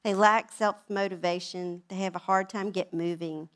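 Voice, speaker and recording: A woman's voice: on the low side, moderate pace. A woman around sixty, giving a chatty, humorous personal talk at a women's event. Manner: animated, chatty storytelling.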